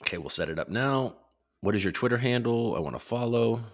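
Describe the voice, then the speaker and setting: A man's voice: medium pitch, lively intonation, fairly quick. A man hosting his own livestream, chatting loosely about markets and reading out viewer comments, swearing now and then. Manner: rambling, loose, swears casually. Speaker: livestream host.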